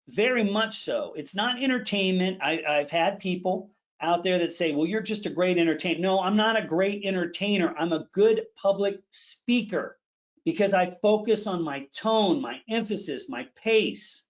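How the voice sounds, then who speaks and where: A middle-aged man teaching public speaking in a live online session, energetically demonstrating phrases with sudden shifts in pitch and pace. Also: lo-fi sound.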